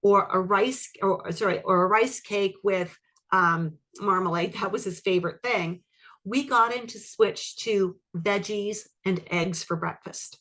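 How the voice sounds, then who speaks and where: A woman's voice: medium pitch, a little slow. A woman teaching a live online class, walking through a client case and checking in with her audience. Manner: animated, asks the audience questions. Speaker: iridology educator. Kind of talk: webinar teaching with case story.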